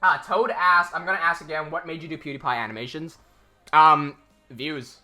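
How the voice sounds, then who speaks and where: A man's voice: fairly high pitch, fairly even intonation, moderate pace, bright, forceful tone, faint music behind. A man hosting a casual livestream, chatting and answering viewer comments in a rambling way, laughing often. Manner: rambling, laughs often, many fillers and restarts. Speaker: animation livestream host.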